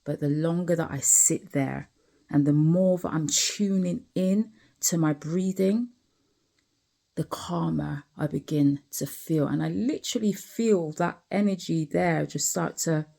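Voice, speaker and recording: Low, gravelly-voiced tired woman vlogger. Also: unhurried, warm tone. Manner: candid, conversational, repeats phrases, frequent asides to the listener. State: tired, yawning. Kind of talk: reflective personal vlog. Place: sitting outside on a chair.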